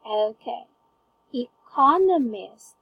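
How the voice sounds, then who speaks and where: Woman English tutor, high voice, unhurried, warmly encouraging. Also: animated, creaky, breathy edge, no echo, muffled recording. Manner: patient, encouraging, frequent praise. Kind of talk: one-on-one online English lesson.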